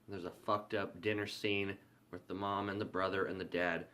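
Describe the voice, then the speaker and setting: A man's voice: sits low, level tone, normal speed, bright, forceful tone. A man casually recapping a horror film's plot, loose and profane, acting out the characters' lines as he goes. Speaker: movie reviewer.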